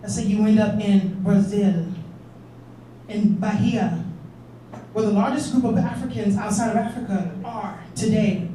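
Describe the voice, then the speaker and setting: A woman's voice: medium pitch, measured pace, warm tone, a little hiss or hum. A woman giving an earnest conference speech and urging the audience with questions. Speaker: conference speaker. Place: conference hall. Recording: echoey hall, distant mic.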